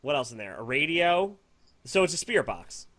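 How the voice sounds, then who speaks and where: Animated, joking man with a bright voice. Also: fairly high pitch, normal speed. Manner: loud, joking, swears a lot, slangy with frequent "yo". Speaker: podcast co-host. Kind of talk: casual live-stream chat.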